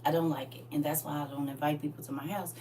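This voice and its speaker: A middle-aged woman preaching through funny stories, chatting directly with the crowd and now and then bursting out loudly. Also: sits low, fast talker. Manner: lively and chatty, teasing the crowd directly, sudden loud outbursts. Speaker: speaker at a live church gathering. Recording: far-off mic with faint hum.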